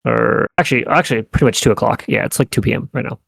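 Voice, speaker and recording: A man narrating as game master, halting and thinking aloud with lots of fillers. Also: mid-range voice, vocal fry, a bit bright, slightly rough, no echo.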